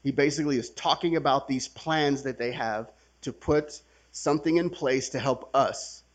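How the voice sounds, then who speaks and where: A man's voice: mid-range voice, moderate pace. Casual storytelling man, swearing freely. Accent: Californian. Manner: conversational, swearing, acts out quotes with laughs. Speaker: workshop speaker sharing his recovery story. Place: workshop gathering room.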